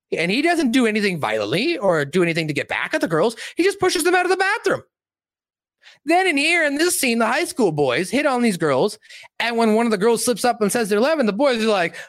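A man's voice: very high voice, a bit bright, dry recording. A young man reviewing a movie on a casual livestream, rambling and swearing, with many fillers.

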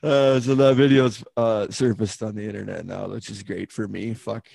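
A young man co-hosting a podcast, telling a story casually, swearing, laughing and shouting out quoted lines. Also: lowish voice, moderate pace, gravelly, breathy edge. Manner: profane, laughing, animated retelling. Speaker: podcast co-host.

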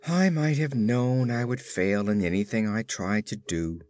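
A man's voice: lowish voice, measured pace, darkish tone, lightly acted. A man voicing a gloomy, discouraged young boy in a storybook reading, speaking mournfully. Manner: mournful and sad.

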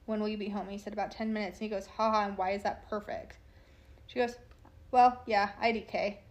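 A woman's voice: mid-range voice, little pitch movement, fairly quick. Woman reading texts matter-of-factly. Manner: plain, matter-of-fact reading, casual asides. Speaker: true crime storyteller. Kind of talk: reading text messages aloud with narration.

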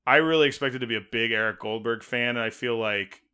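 A man chatting on a podcast in a bright, clear tone. He jokes and rambles, often restarting his sentences. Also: medium pitch, a little fast. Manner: jokey, rambling, self-interrupting. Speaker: podcast co-host. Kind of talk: casual chat.

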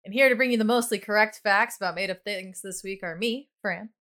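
A woman's voice: medium pitch, fairly quick, fairly bright tone. A woman hosting a podcast, giggly and curious, asking lots of questions. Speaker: podcast host. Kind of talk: casual chat.

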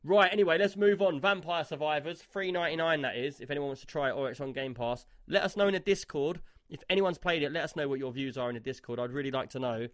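Guy, slightly high voice, animated storyteller, dry close sound. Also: fast talker, hardly any pauses, no room sound. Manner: animated storyteller, retells quarrels loudly. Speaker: podcast host. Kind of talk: casual chat.

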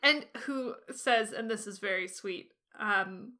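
A woman's voice: medium pitch, slow pace, sharp tone. A young adult woman co-hosting a podcast, musing enthusiastically about a novel with stumbles and restarts. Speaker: podcast co-host. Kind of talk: casual book discussion.

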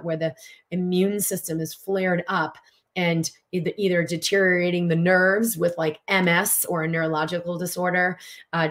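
A middle-aged woman coaching tapping in a live online session, talking in an animated, emphatic and chatty way. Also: lowish voice. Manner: animated, emphatic, conversational with fillers.

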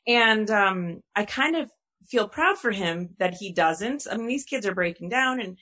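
A woman's voice: medium pitch, expressive, unhurried, pushed and bright. A woman hosting a podcast, talking candidly about her sons and asking her guests for advice. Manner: candid, chatty, self-disclosing. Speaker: host. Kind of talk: podcast discussion.

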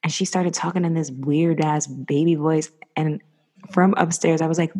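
A woman, the parent of a young child, chatting casually and telling lively stories. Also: sits low, normal speed. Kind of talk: casual chat.

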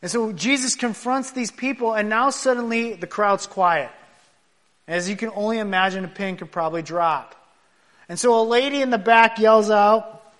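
High-voiced man preaching a sermon. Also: normal speed. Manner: emphatic preaching, rising loud on key points, dropping soft at the ends. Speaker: pastor.

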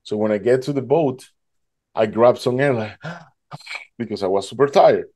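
Guest, male, halting storyteller, mellow warm tone. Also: medium pitch, animated. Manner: halting, fills with "like" and "you know". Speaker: guest telling his survival story. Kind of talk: emotional personal storytelling.

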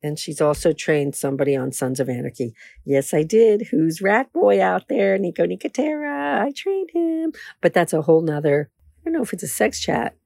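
Animated, candid woman podcast host. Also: lowish voice, moderate pace, creaky, no room sound. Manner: candid, animated, self-assured. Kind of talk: casual solo podcast.

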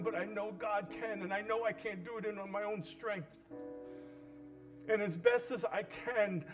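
An impassioned male pastor preaching an altar call in a high voice. He drops to a hushed plea, then breaks into loud, pleading cries, with soft instrumental music playing underneath. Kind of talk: sermon.

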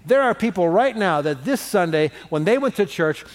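A man preaching a sermon as pastor in a church, animated and leading the congregation in call-and-response. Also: high voice, moderate pace.

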